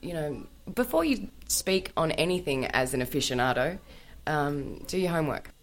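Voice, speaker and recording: A woman talking as a guest on a radio show, animated, opinionated and playful. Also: low voice, moderate pace. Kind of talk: casual radio talk.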